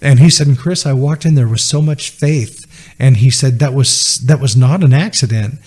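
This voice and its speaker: A man's voice: mid-range voice, normal speed, darkish tone, breathy edge. A man, telling a personal story as a podcast guest, earnestly retelling conversations. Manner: earnest, retells dialogue with many "he said" asides.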